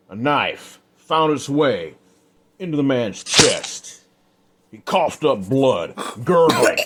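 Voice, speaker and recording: A man telling a Western tale in a low, easygoing voice. He narrates loosely, as if speaking off the cuff, with small fillers. It sounds like a spoken storytelling session. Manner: casual, unscripted with fillers.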